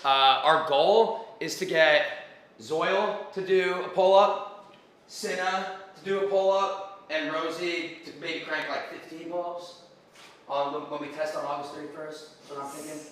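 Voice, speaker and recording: A man's voice: a little high, fairly even intonation, measured pace, a bit bright, far from the mic. A young man coaching a workout on a livestream, talking in a laid-back, rambling way full of "like". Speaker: fitness coach. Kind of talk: casual livestream chat. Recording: echoey room, voice from off-mic.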